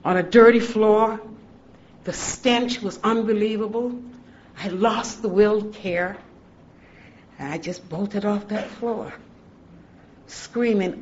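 Woman sharing her own story at a recovery talk; halting and heartfelt, on a muffled recording with a light hiss. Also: medium pitch. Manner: halting, heartfelt storytelling with restarts and soft laughs. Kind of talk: personal testimony talk. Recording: dull lo-fi recording with faint hiss.

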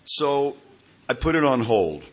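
A man telling his own recovery story to a group, in a halting way with repeated words and many fillers. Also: mid-range voice, very animated, slightly rough. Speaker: speaker sharing at a recovery meeting.

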